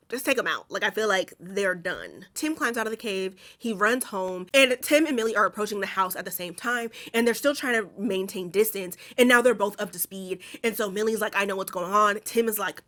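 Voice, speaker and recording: Female recap host, casual and profane, storytelling energy. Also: mid-range voice. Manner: profane, animated storytelling with acted-out quotes.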